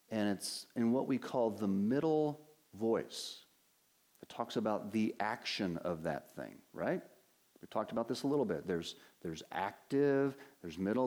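A man's voice: mid-range voice, darkish tone. Earnest male pastor preaching a sermon. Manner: earnest, emphatic preaching with rhetorical questions. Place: church sanctuary at a pulpit.

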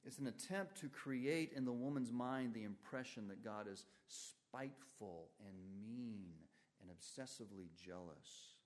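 A man preaching a sermon, reading aloud from scripture and explaining it with strong swings in pitch and loudness. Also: unhurried, hardly any pauses. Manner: emphatic, rises and falls sharply in pitch and volume.

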